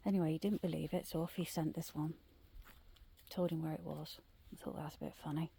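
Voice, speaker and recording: Low gravelly woman half-whispering. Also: steady tone, fast, a little hiss or hum. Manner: drops often into a hushed whisper. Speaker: vlogger telling ghost stories. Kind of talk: casual storytelling on a walk. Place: woodland trail outdoors at night.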